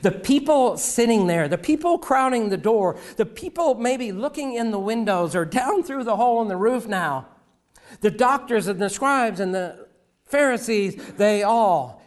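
Male preacher, middle-aged, higher register, dramatic pauses and hushed drops. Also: animated. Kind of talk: sermon.

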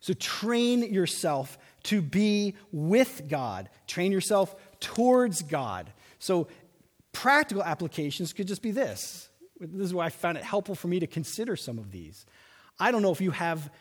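A man preaching a sermon as pastor, animated, slowing down to stress his points. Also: high-pitched. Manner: animated preaching with slow emphatic stretches. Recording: long reverb of a large hall.

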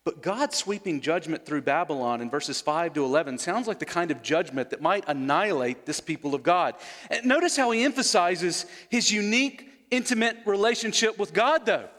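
A man's voice: high-pitched, lively intonation, normal speed, fairly bright tone, in a large hall. A man preaching an expository sermon, earnest, repeating words for emphasis and putting questions to his listeners.

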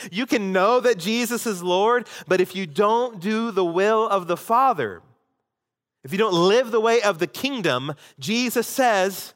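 A man's voice: high voice, expressive, a little slow. Man preaching in a reverberant hall. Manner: dramatic swings between loud emphasis and hushed asides. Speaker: pastor. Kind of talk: sermon.

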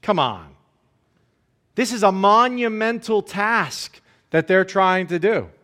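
High-voiced man preaching a sermon. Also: a little slow, sharp tone. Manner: conversational preaching with frequent "right?" asides; briefly acts out the enemies' jeering quotes. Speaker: pastor.

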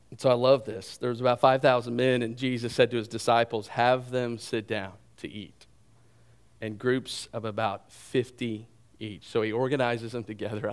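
Speaking at a medium pitch, a pastor delivers a sermon to his congregation. He retells the story with lots of animation, weaving in humor and side remarks.

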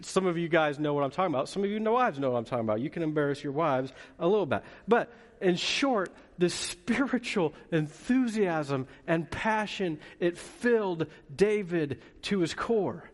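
A man preaching from the pulpit, his voice sitting a little high for a man. He moves between earnest points and playful asides to the congregation, and the sound rings with a long hall reverb. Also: expressive, moderate pace, hardly any pauses. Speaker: pastor. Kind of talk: sermon. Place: church hall.

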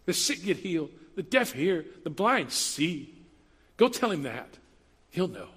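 A preacher doing a calm, assured man who speaks in short, plain, repeated lines. The voice is quiet and steady, ringing out in a long hall echo. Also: a little high, a little slow, breathy edge, exaggerated voice. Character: calm, assured male teacher giving gentle instructions.

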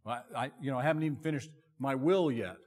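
A man's voice: medium pitch, fast talker, a little mellow, long reverb tail, natural voice. A man voicing a frightened male disciple in a sinking boat, stammering and flustered. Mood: panicked. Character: panicking male fisherman disciple in a storm.

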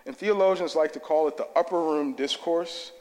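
A man's voice: on the high side, normal speed, darkish tone. A man preaching a sermon in a church, casual, conversational and enthusiastic. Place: church sanctuary. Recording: long hall reverb.

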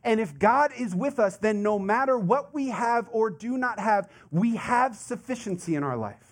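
A man preaching a sermon in a conversational, animated way, full of asides and rhetorical questions. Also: high-pitched, normal speed. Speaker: pastor.

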